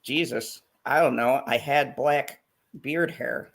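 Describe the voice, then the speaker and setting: A man with a mid-range voice hosting a casual podcast chat. He talks in a relaxed, joking way and often breaks into laughter. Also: mid-range voice, takes it slowly, gravelly. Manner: laid-back, laughs often. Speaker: podcast host.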